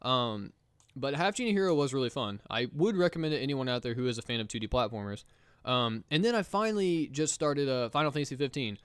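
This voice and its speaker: A man co-hosting a casual gaming podcast, talking fast and excitedly, laughing and mimicking game characters. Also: mid-range voice, clear, resonant tone, dry recording, clean studio sound. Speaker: podcast co-host.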